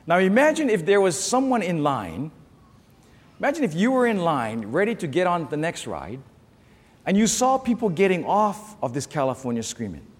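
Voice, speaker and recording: A middle-aged man preaching a sermon, telling stories with lively call-and-response to the congregation. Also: high voice, normal speed, breathy edge, in a large hall. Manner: animated, storytelling with call-and-response. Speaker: pastor.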